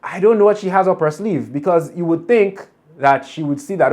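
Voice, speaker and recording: A man, talking through a show episode in a casual, animated way and often breaking into laughter. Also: high voice, brisk. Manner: chatty, animated, laughs often while recapping. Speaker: TV show reaction vlogger. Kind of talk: casual episode recap and commentary.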